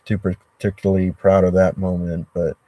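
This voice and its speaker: This man vents from a car parked in a driveway, rambling through chat comments on his livestream with plenty of profanity and frustration. He speaks at a moderate pace in a deep, flat, dark voice, and there's no room sound.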